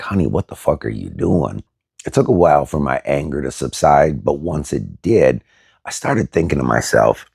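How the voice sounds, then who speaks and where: A man's voice: extremely low pitch, creaky, husky, no echo, clean studio sound. A middle-aged man telling a story casually to his viewers, blunt and profane, with many fillers. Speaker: vlogger.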